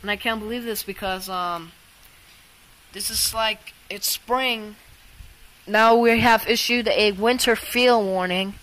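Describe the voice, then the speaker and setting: Excitable amateur weather vlogger, woman; unhurried, filler-heavy, outdoors. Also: medium pitch, low-quality recording. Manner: rambling, excitable, halting with many fillers. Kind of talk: casual storm vlog. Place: outdoors during a storm.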